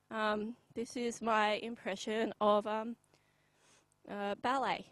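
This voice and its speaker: A young Australian woman performing a live comedy bit, deadpan and halting, with many pauses and ums. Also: mid-range voice, low-quality recording.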